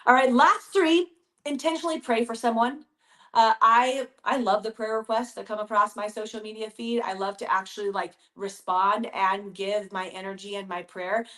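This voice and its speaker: A woman's voice: mid-range voice, steady tone, normal speed, a bit bright. A woman, hosting a casual motivational talk from her home basement in an upbeat, chatty way. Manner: upbeat, chatty, addresses listeners as you guys. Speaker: podcast host.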